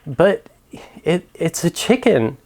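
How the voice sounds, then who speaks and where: A man voicing a stubborn young newlywed wife who softly insists on her point in a storytelling video. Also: fairly low pitch, sing-song, slow, pitched above the performer's own voice, full character voice. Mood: tearful.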